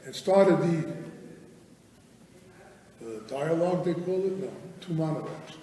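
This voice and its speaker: An older man teaching a Torah class, telling a story with lively asides and acting out family dialogue. His voice sits a little high with a mellow tone. He is heard from a distance in a large, echoing hall. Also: a little slow. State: hard of hearing. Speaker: guest rabbi speaker. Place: large hall with live audience. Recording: echoey hall from far off.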